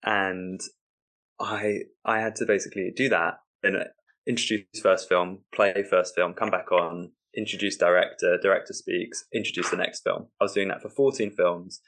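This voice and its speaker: A man with a fairly low voice tells a comic story from his stand-up life. He is animated, slips into other people's voices and laughs often. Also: normal speed. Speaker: stand-up comedian guest. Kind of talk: casual storytelling.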